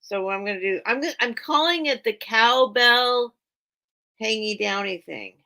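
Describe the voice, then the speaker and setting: A woman's voice: fairly high pitch, normal speed, gravelly, bright, forceful tone. A woman hosting a casual live-stream sale, chatting and thinking aloud as she greets viewers by name. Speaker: live online sale host.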